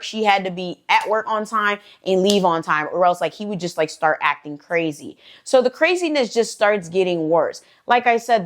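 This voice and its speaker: Chatty slangy woman telling a story. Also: mid-range voice. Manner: chatty, slangy, lots of "like" fillers, swears freely. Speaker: storytime channel host. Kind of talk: casual storytelling to camera.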